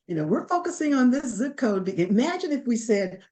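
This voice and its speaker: A woman's voice: a little high, big pitch swings, moderate pace, few pauses, warm tone. A woman hosting a webinar interview, asking long, thoughtful, rambling questions.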